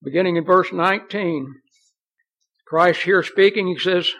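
A man's voice: high voice, a little slow, a bit bright. A man preaching a sermon in an earnest, folksy way, reading scripture aloud. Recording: dull lo-fi recording.

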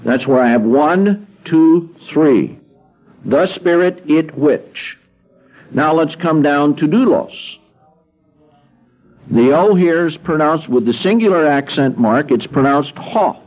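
A man leads a Greek grammar lesson at an unhurried pace, stopping to ask "okay?" as he works through a worksheet. His slightly high voice swings through a wide, animated range. Faint music plays in the background. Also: highs cut off. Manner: patient, repeats words slowly, checks in with "okay?". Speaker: Greek teacher. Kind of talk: classroom lecture walking through a worksheet.

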